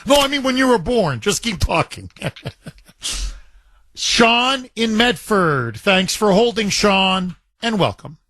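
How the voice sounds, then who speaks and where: A man hosting a call-in radio show from a studio mic. His voice sits a little high and sounds dry and close. He talks in a chatty way and repeats phrases for emphasis. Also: very animated, slow, fairly bright tone, dry recording. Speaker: radio talk show host.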